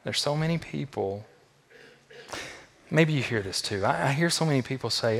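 A man's voice: expressive, moderate pace, vocal fry, pauses often, slightly rough. Preaching man in a reverberant hall. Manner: emphatic, builds to loud high peaks then drops low and soft; repeats phrases for emphasis. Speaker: pastor. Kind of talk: sermon.

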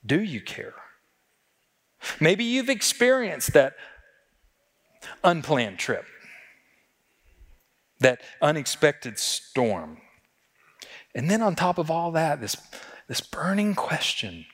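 A man's voice: fairly high pitch, big pitch swings, takes it slowly, long pauses, fairly bright tone, long reverb tail. A man preaching a sermon as a pastor, talking conversationally and asking the congregation rhetorical questions.

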